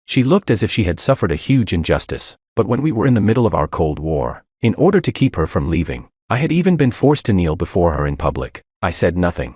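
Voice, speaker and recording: A man narrates a first-person drama audiobook in a very low voice. His delivery is calm and measured with a bitter undertone, yet his pitch moves a lot. It is recorded close and dry, with no room sound. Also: breathy edge, dry recording.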